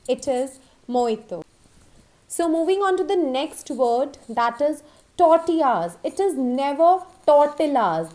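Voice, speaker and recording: A woman with a high voice gives an online English pronunciation lesson. She talks in an explanatory way, with frequent "uh" fillers, spells words out letter by letter and keeps checking in with "okay?". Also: a little mellow.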